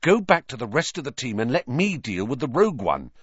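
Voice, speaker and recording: A man's voice: medium pitch, big pitch swings, brisk, husky, no room sound, muffled recording. A man voicing a determined teenage boy, earnest and insistent.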